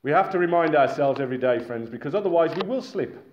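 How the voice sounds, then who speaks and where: Animated preacher man in an echoey room. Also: on the high side, quick pace. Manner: animated, exclaiming and addressing listeners as friends. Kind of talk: sermon to a congregation. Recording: echoey, muffled room recording with faint noise.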